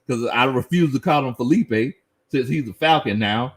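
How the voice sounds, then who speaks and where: A man's voice: medium pitch, normal speed. A middle-aged man hosting a casual sports live stream, reading viewer comments and laughing often. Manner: laughs often, animated, Southern slang. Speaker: sports show host.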